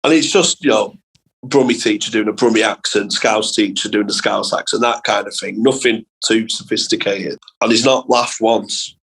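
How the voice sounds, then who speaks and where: Young English man, comedian guest, sweary, animated storytelling, laughing often. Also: lowish voice, moderate pace, gravelly, breathy edge, poor audio. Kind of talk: casual storytelling chat.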